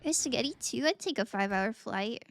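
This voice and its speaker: A woman's voice: on the high side, expressive, a little fast, creaky. A woman streamer chatting casually and playfully while gaming, rambling, giggling and reading out chat messages.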